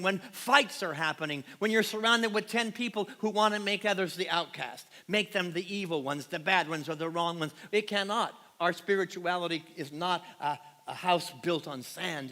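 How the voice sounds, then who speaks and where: Passionate male pastor in a big reverberant hall. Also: on the high side. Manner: passionate, builds to loud emphatic peaks then drops quiet; calls on the congregation with questions. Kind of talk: sermon. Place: large church sanctuary.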